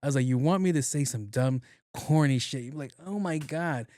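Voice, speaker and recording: Male podcast host, mid-pitched, casual storyteller, crude humor, does voices for his coworkers, dry mic. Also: moderate pace, dark tone, no room sound. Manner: profane, joking, acts out dialogue.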